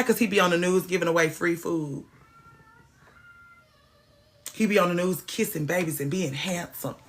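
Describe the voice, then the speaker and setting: Woman, podcast host, bright tone, emphatic and profane, casual rant. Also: lowish voice. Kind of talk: casual chat.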